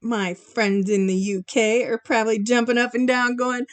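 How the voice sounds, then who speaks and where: A woman's voice: on the high side, level tone, normal speed. A woman hosting a charity live stream, chatting casually and giggling as she reacts to viewers' comments while she paints. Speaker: charity livestream host. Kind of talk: casual chat with chat readers.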